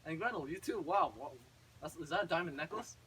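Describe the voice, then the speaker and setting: A man voicing a gentle middle-aged woodcutter father, speaking lower and softer than his own voice, in a casual storybook retelling. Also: brisk, a little hiss or hum. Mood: amazed.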